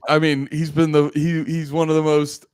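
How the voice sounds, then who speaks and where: A man's voice: on the high side, moderate pace, clear, resonant tone, no echo, studio quality. A man co-hosting a podcast, chatting casually about movies, swearing and acting out quotes. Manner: animated, swears casually, acts out quotes in funny voices. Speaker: podcast co-host.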